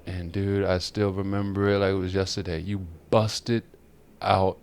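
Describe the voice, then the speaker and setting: A man with a fairly low voice spins a long, animated story on a podcast. He rambles, circles back and laughs often in easy, casual chat. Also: moderate pace, a little hiss or hum. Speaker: podcast co-host.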